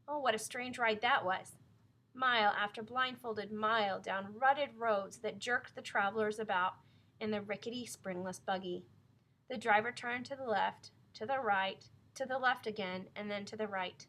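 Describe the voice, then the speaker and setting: A woman narrating a novel aloud in a clear, measured storytelling manner. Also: mid-range voice, sharp tone. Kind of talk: audiobook reading of a novel.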